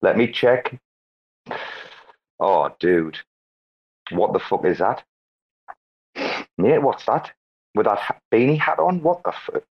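A man with a fairly low voice hosts a casual online chat, joking loudly and swearing freely between bites. The sound is dull and lo-fi, like an online call. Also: big pitch swings, slow pace, pauses often. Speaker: host. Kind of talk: casual chat on a live audio space.

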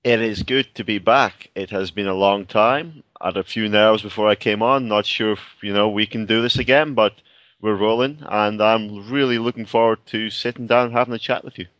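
A man with a Scottish accent talking tennis as a co-host, measured and thoughtful with frequent fillers. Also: on the low side, fairly even intonation, a bit bright, dry recording, highs cut off. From Scotland. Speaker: co-host on the line. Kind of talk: casual sports chat.

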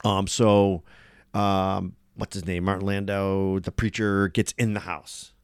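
A man's voice: low voice, slow pace, smooth, no echo, studio quality. A man co-hosting a casual podcast about a movie, swearing freely and acting out the characters' lines. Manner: profane, animated, acts out characters' lines. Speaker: podcast co-host.

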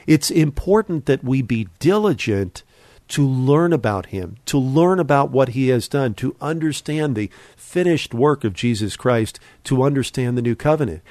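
A man teaching the Bible on a podcast in an earnest, exhorting sermon style, slowing down and speeding up for emphasis. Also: medium pitch, darkish tone, no room sound.

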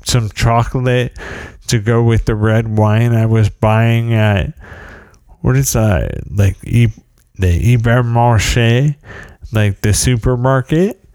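A man's voice: mid-range voice, takes it slowly, a little mellow, clean tone, no room sound, clean studio sound. A man telling a rambling, humorous anecdote in a casual way, often breaking off and restarting his sentences. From United States. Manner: rambling, self-interrupting, wry and humorous.

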